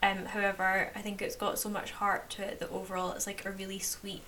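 A woman's voice: medium pitch, monotone, brisk, bright, forceful tone, recorded from a distance, poor audio. A woman co-hosting a book podcast, reading a novel passage aloud and then chatting casually with lots of filler words. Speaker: podcast co-host. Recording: faint background hiss.

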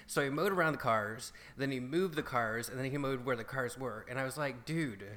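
Man, podcast co-host, mid-pitched voice; wry, exasperated anecdote teller. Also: fairly quick, a bit bright. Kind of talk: casual chat.

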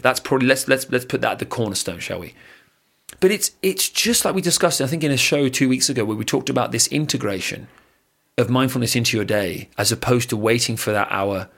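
A man, co-hosting a casual surf podcast and guiding a breathing exercise, lively and laughing, swearing casually. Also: medium pitch, creaky. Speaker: podcast co-host. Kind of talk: casual chat with guided breathing.

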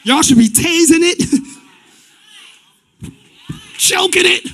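A man preaching a lively sermon, shouting one moment and dropping low the next, acting out little scenes with his congregation. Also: drawn-out words, creaky, a faint crowd. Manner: swings between shouting and dropping to a low confiding voice. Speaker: pastor.

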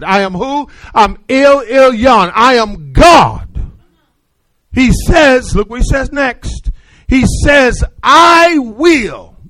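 A man preaching a sermon in call-and-response style, swinging from shouted declarations to hushed, confiding asides. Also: very high voice, no echo, poor audio.

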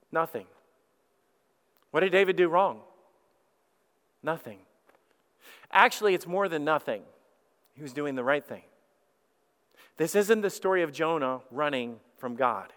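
With long pauses and a measured pace, a high-voiced lead pastor delivers his sermon in a space with long hall reverb. He narrates the story animatedly and acts out its characters.

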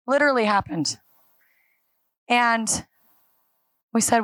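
Animated woman preaching a sermon. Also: fairly high pitch, moderate pace, no room sound. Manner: animated storytelling, acting out dialogue and laughing. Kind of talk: sermon with a live congregation. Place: church.

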